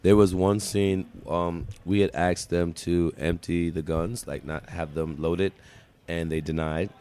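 A man with a fairly low voice sits in as a guest on a casual podcast. He is animated and playful, teasing the others and laughing easily. His delivery comes across loose and unguarded. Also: unhurried, smooth.

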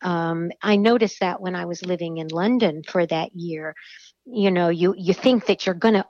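Measured woman on lo-fi remote audio. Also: lowish voice, a little mellow, no room sound. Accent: General American. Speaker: podcast guest, voice coach. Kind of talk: casual interview talk.

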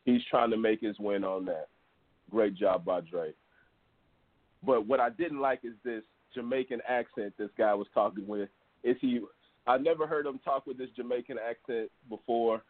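A man's voice: medium pitch, moderate pace, no room sound. A man on a sports talk panel giving blunt, joking opinions in casual chat. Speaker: podcast panelist. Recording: tinny phone-like sound.

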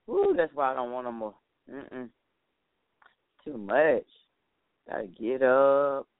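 A man talking on his own show in a loose, folksy way, sprinkling in "honey" as he goes and sounding a bit tired. His voice comes through a thin, phone-like line with a dry, close sound. His pitch sits in an ordinary middle range. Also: dry recording. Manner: chatty, folksy, calls listeners honey. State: a little tired. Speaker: show host. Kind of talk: casual solo talk show monologue.

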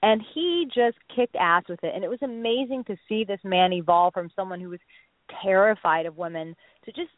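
A woman's voice: medium pitch, normal speed, no echo. Woman coach over a tinny phone line. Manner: lively anecdotal storyteller, acts out quotes. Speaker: dating coach guest. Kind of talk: radio interview, storytelling. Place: Los Angeles area. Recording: phone-line radio call.

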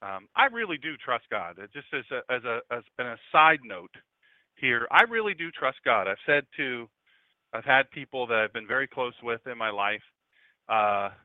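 A man's voice: mid-range voice, animated, normal speed, no echo. Middle-aged man, pastor, chatty radio sermon full of joking asides, dry and tinny phone-like sound. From Delaware, USA.

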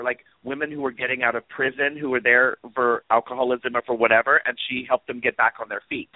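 A man's voice: medium pitch, no room sound. A man co-hosting a casual podcast chat, rambling through stories as he goes. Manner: rambling, chatty storyteller. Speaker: podcast co-host. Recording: tinny phone-like line, dry.

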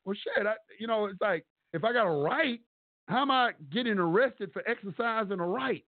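A man's voice: sits high, normal speed, no echo. A man calling in to a talk show, ranting in a profane, rambling, emphatic way over a phone line. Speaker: caller. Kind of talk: casual call-in rant. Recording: tinny phone line, dry.

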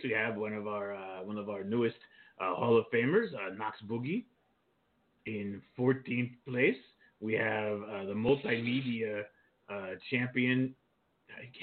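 A man co-hosting a casual show, reading out rankings with flirty, joking asides. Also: lowish voice. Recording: tinny phone-like line.

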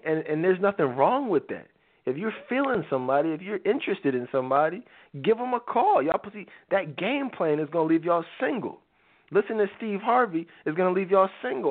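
A man with a high voice hosts a live talk show and delivers an emphatic, preachy monologue. He stresses his points and jumps into quick impressions of other people. The sound is thin and boxy, like a phone line. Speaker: show host. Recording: tinny phone-like audio.

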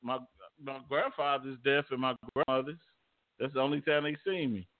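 A man's voice: medium pitch, fairly even intonation, moderate pace. A middle-aged man in casual chat, stammering and laughing as he tells stories. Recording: tinny phone-like audio.

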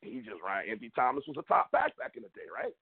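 A man's voice: medium pitch, wildly swooping pitch, fast talker, creaky, husky. A man hosting a sports show, ranting in frustration, emphatic and rambling, often repeating himself. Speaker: sports podcast host. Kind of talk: heated sports rant. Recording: phone-like narrow audio.

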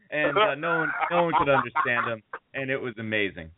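A man's voice: on the high side, brisk, noisy background. A man hosting a podcast, telling a story in a rambling way and laughing as he goes. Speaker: podcast host. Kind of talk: casual chat, storytelling. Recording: tinny phone-like sound.

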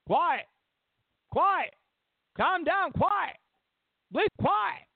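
A man doing a mocking impression of a politician yelling like a stern school principal, voice pushed high and strained. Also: sing-song, drawn-out words, gravelly, no echo, heavily acted. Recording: tinny phone-like line.

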